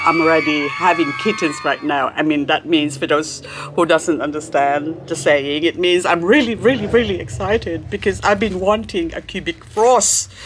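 A woman's voice: lowish voice, background noise. A woman hosting a plant haul vlog, chatty and gushing, laughing often as she unwraps her plants. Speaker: succulent channel host.

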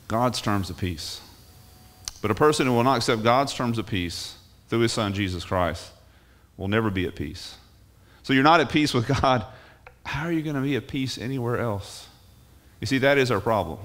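A man's voice: lowish voice, lively intonation, normal speed, pauses often, a bit bright. Man preaching an emphatic sermon. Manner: emphatic, rising on key phrases, restarts words. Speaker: pastor. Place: church.

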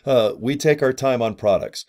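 A man talking casually to camera as a marketing affiliate, animated and salesy, acting out quotes and laughing now and then. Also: medium pitch, normal speed.

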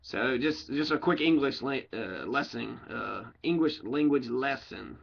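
A man with a medium-pitched, gravelly voice reads a crime book aloud casually, a little slowly but animated, often breaking off into joking tangents and correcting his own slips. The audio has its highs cut off.

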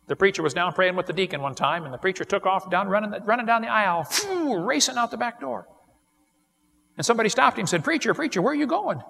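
A male evangelist preaching a sermon, an animated storyteller who laughs at his own jokes and appeals directly to the listener. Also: sits high, fast talker, creaky, slight background noise.

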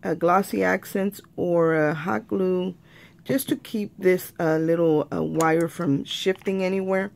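Gravelly-voiced woman crafting tutorial. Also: on the low side, steady tone, unhurried, darkish tone, a little hiss or hum. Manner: chatty, keeps calling viewers "you guys".

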